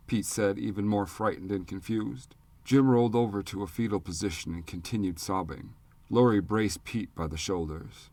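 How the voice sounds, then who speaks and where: A man narrates an audiobook in a very deep, measured voice. He reads evenly into a close studio mic, and the recording is dry with no room sound. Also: darkish tone, no room sound. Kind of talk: scripted narration.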